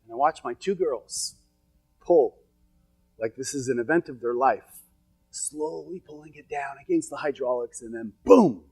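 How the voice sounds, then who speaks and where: A man's voice: mid-range voice, unhurried, a little mellow, slightly rough, soft background music. A middle-aged man giving a motivational seminar talk to an audience, telling stories with emphatic, repetitive phrasing. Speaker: motivational speaker. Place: event hall with an audience.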